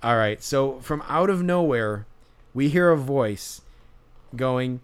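With lively intonation and a measured pace, a young male podcast host speaks in a mid-range voice. He chats casually through a story, rambling with many fillers and restarts and laughing along.

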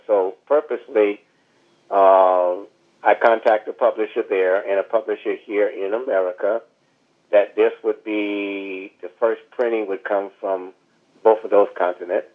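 A man tells a winding story as a podcast guest, full of asides and fillers. His voice sits a little low, and it comes through a thin, tinny phone line. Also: fairly even intonation, measured pace. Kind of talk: storytelling interview over the phone.

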